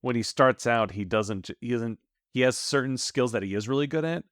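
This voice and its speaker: A man's voice: mid-range voice, moderate pace, fairly bright tone, no room sound, studio quality. A man co-hosting a podcast, casually analyzing an episode's characters with the odd comic aside. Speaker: podcast co-host. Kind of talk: casual chat recapping an episode.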